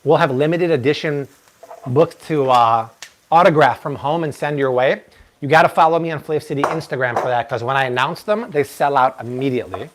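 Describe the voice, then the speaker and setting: A man in his thirties hosting a live-stream cooking demo, chatty and energetic, now and then slipping into playful broken Spanish. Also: mid-range voice, a little fast, background noise. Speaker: cooking show host.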